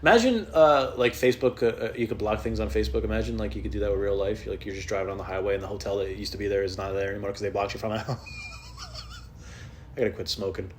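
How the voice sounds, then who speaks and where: A stand-up comedian talks fast on his solo podcast at home, with a little hiss or hum in the audio. He tells rambling comic stories in an off-the-cuff, self-mocking, profane way, jumping into high, loud put-on voices when quoting people.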